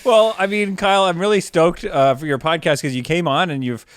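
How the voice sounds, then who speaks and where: A man's voice: on the high side, fairly even intonation. A man co-hosting a casual comedy podcast, teasing his guest and laughing often. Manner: playful, teasing, quick to laugh. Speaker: podcast co-host.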